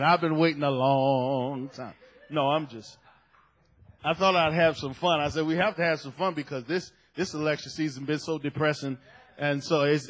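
High-voiced preacher who builds to shouts. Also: male voice. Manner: jokey, builds to shouted emphasis. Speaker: pastor. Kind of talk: sermon. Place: church.

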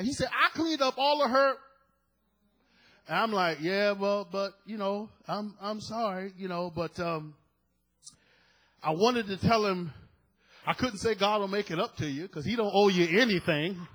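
Husky high-voiced man preaching. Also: poor audio. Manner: animated storytelling, acting out quotes, laughing. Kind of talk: sermon with personal story.

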